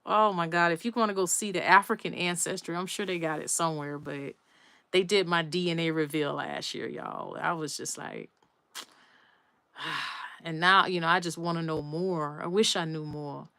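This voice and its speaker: A woman talks casually on a live stream, leaning into her points and saying them twice. Her voice is low-pitched and smooth. The sound is close and dry, with no room echo. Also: fairly even intonation, moderate pace, bright, forceful tone. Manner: emphatic, repeats herself, addresses viewers as "y'all".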